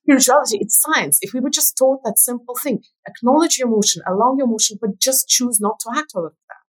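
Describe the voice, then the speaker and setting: A woman's voice: a little high, fast, slightly rough, rough recording. A woman author and speaker, a guest on a podcast, explaining her ideas thoughtfully with some "uh" fillers. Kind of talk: interview conversation.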